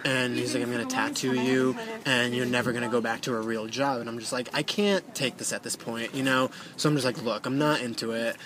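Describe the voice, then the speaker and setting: A man's voice: medium pitch, fairly even intonation, a little fast, hardly any pauses, a crowd in the background. A young man telling a story in a rambling, profane way, full of fillers. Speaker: storyteller guest. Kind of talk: casual storytelling.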